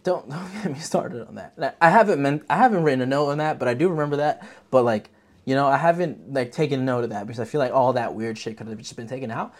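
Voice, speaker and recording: A vlog host giving a casual movie review, talking in an animated, profane way full of filler words. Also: medium pitch, fast.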